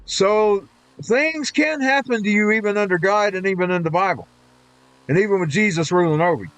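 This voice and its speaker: A man's voice: high-pitched, a little fast, a bit bright, clear, resonant tone, no echo. Indignant, rambling male streamer. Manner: indignant, rambling, restarts his sentences. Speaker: live streamer. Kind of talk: rambling rant during a game stream.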